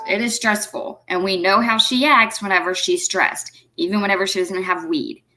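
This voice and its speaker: A woman's voice: medium pitch, pushed and bright. A woman host, emphatically and indignantly commenting on a clip. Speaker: reaction video host.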